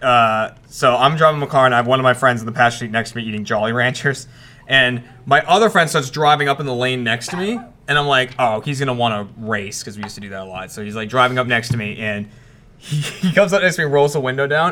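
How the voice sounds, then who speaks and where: Male podcast co-host, bright tone, laughing casual storyteller. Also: mid-range voice, lively intonation, fast talker. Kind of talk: casual chat.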